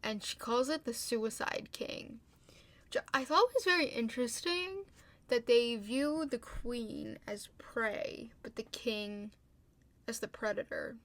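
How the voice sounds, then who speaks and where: A young woman with a fairly high voice chats through a TV episode recap, full of fillers and sudden heated asides. She sounds a little tired. The recording is close and dry, with no room sound. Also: slow pace, a bit bright, no echo. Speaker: video host.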